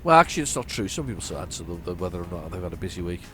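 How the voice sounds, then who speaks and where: A middle-aged man from northern England with a flat northern accent, chatting casually while playing a driving game, rambling and restarting his sentences. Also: deep voice, very fast, faint music behind. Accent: flat northern English. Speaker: gaming channel host. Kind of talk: casual let's-play commentary.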